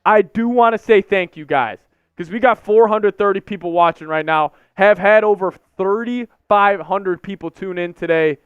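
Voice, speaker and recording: A young man with a high, smooth voice rants on a live stream, repeating his complaints in frustration. The sound is dry and a little dull, like lo-fi stream audio with faint music behind him. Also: normal speed, dry recording. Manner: frustrated, repetitive ranting.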